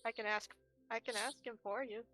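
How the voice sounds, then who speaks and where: A woman's voice: fairly high pitch, steady tone, fairly quick, bright, forceful tone, faint music behind. A woman voicing a small, loyal girl who eagerly offers to help her friend, speaking in short, earnest lines.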